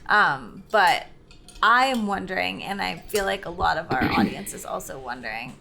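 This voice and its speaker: A woman's voice: fairly low pitch, lively intonation, moderate pace, vocal fry, bright, forceful tone, a little hiss or hum. Curious young woman asking questions. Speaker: podcast co-host. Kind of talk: casual chat.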